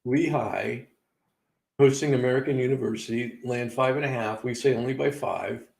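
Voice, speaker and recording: A man's voice: medium pitch, moderate pace, vocal fry, a little mellow, low-quality recording. A man hosting a live sports betting show, casually running through game results with wry asides and laughing at his own missed picks.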